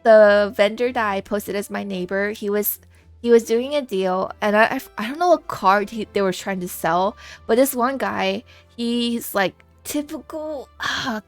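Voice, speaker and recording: A young woman streaming live, telling a story in a lively, chatty way with laughs and swearing. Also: medium pitch. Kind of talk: casual live-stream chat.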